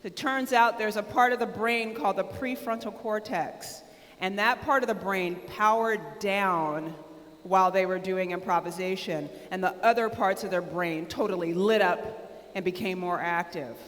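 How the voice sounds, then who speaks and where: An American woman giving a conference keynote, energetic and loud, calling on the audience to shout out answers. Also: mid-range voice, moderate pace. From United States. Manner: energetic, talks with the audience, asks them to shout out; loud and excitable, close to shouting. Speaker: keynote speaker. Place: large conference hall with a live audience. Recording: live hall with long reverb.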